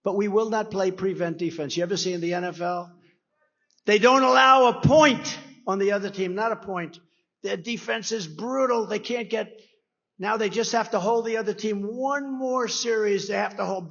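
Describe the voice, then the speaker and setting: A man's voice: high voice, moderate pace, dull audio. A man giving a rambling, conversational campaign rally speech at a podium microphone, acting out quoted dialogue. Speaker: political speaker at a rally. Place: rally venue.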